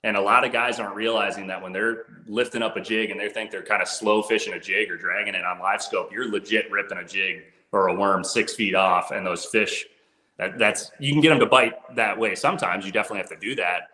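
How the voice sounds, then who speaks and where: A man's voice: on the low side, steady tone, a little fast, bright, forceful tone, echoey room. A man who works as a fishing guide, talking gear in a laid-back way, saying "dude" and "bro". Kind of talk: casual gear talk.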